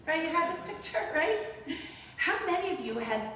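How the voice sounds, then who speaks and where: A woman giving an animated motivational talk to an audience, telling stories and asking the room questions. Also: very high-pitched, normal speed, a little hiss or hum. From Brooklyn, US. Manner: animated storytelling, acting out her own reactions. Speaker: inspirational speaker. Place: large hall at a museum event. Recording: echoey hall, voice from far off.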